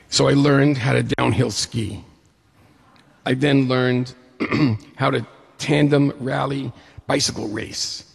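Storyteller: man, very gravelly and breathy-husky, animated delivery, echoing hall. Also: mid-range voice. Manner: lively storytelling with acted-out quotes. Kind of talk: personal story told to an audience. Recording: long hall reverb.

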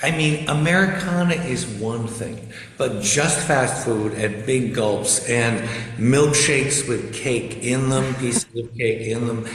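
A man's voice: mid-range voice, slow pace. A man joining a radio show as a guest over a video call, wry and amused. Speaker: guest commentator. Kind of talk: casual radio interview. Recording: roomy video call with faint noise.

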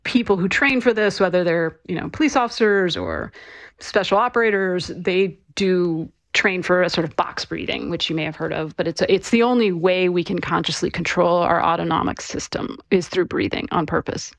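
A woman who is an author, giving conversational interview answers and explaining things clearly, with casual fillers. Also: fairly low pitch, moderate pace, dry recording. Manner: conversational, clear, with frequent fillers like "you know" and "right".

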